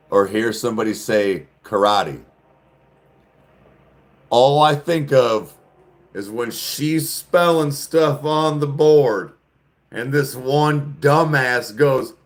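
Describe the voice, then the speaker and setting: A man's voice: mid-range voice, takes it slowly, long pauses. A man hosting a casual podcast chat, rambling in a crude, joking way and laughing often. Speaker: podcast host. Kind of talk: casual chat answering viewers.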